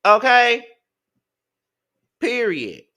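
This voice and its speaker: A man's voice: extremely high pitch, very animated, drawn-out words, sharp tone, smooth. A man giving a casual rant as a commentator, sassy, profane and emphatic.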